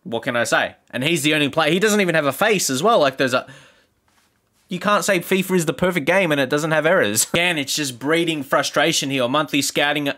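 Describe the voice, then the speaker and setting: Frustrated gamer ranting over gameplay. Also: male voice, a little fast. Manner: frustrated ranting, sarcastic, jumps into excited high exclamations. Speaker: gaming YouTuber. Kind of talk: gameplay commentary.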